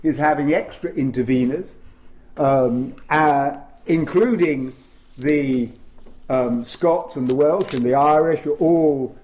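A man speaking on constitutional law at a panel, emphatic and lively, with frequent fillers. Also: on the high side, takes it slowly. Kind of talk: lecture-style panel talk.

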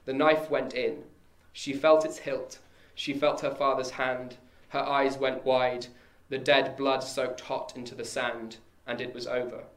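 A man giving a measured, solemn dramatic verse reading. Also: mid-range voice, flat delivery, a bit bright. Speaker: reader. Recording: echoey room.

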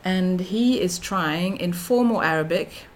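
A woman's voice: fairly low pitch, a little slow, slight background noise. A middle-aged woman giving an academic lecture as a researcher, speaking thoughtfully with frequent fillers and restarts.

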